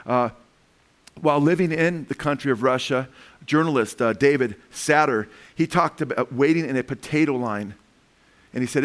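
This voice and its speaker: A middle-aged man preaching about world events, talking in a rambling, animated way with frequent restarts. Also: medium pitch. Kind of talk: sermon with commentary.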